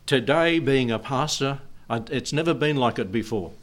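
A man's voice: mid-range voice, animated, moderate pace. Chuckling, rambling male pastor. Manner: chatty and digressive, chuckling often between points. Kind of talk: informal sermon.

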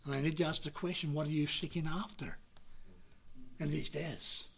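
A man preaching a sermon in an earnest, measured way, sometimes dropping to a near-whisper. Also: on the high side, steady tone, gravelly, breathy edge.

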